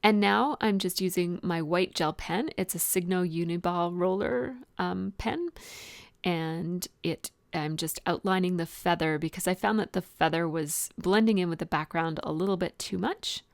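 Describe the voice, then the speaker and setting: A woman narrates her craft video in an easy, rambling way, stopping often to restart a thought. Her voice sits on the low side with a gravelly fry. The recording is close and dry, with no room sound. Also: normal speed, dry recording. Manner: chatty, rambling with frequent ums and restarts. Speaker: art journaling vlogger. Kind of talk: casual voice-over tutorial.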